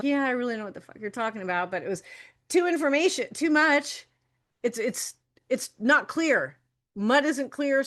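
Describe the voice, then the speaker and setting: A woman's voice: fairly high pitch, a bit bright. A woman hosting a solo podcast as a health coach, talking in a chatty, frank way, laughing often, swearing casually and stretching words for emphasis.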